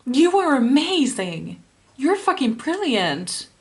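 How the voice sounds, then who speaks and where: Woman tarot reader, mid-pitch voice, unhurried pace, blunt and impassioned, swears, addresses the viewer directly. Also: lively intonation. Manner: speaks straight to the viewer. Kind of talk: pick-a-card tarot reading.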